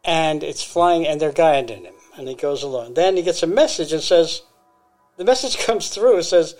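A man co-hosts a podcast with a slightly high-pitched voice. He retells a strange story in a rambling, casual way, full of fillers and self-corrections. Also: lively intonation, fairly quick, a little mellow. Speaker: podcast co-host.

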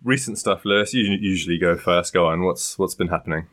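A man's voice: low voice, brisk, a bit bright. A young man co-hosting a podcast, chatting casually with crude jokes and frequent laughs. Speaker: podcast co-host. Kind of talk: casual chat.

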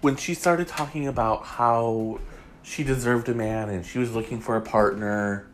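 A man's voice: medium pitch, fairly even intonation, normal speed, slight background noise. A man hosting a casual gossip podcast, talking in a chatty way with frequent ums and reading items aloud. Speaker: podcast host.

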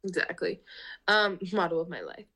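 A woman's voice: fairly low pitch, big pitch swings, normal speed, pushed and bright. A woman co-hosting a podcast in casual chat, talking chattily with lots of fillers and "like". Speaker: podcast co-host.

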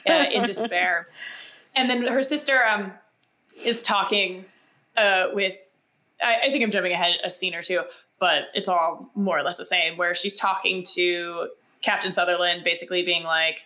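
A young woman co-hosting a casual podcast, chatting about a TV episode. Her tone is bright and forceful, and she talks in an animated way with plenty of fillers. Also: lowish voice, moderate pace. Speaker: podcast co-host. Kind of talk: casual chat recapping a TV episode.

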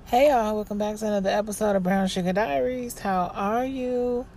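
A woman hosting her own podcast as a personal voice diary, sounding exhausted and halting, often restarting and trailing off. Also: medium pitch, darkish tone, faint music behind. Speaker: podcast host.

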